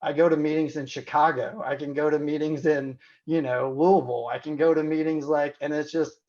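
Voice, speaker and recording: In a muffled recording, a man with a slightly high, darkish voice speaks briskly with fairly even intonation. The candid conversational interview features this physician from Indiana, USA, as a podcast guest, reflective and frank, with many restarts and repeated "you know"s.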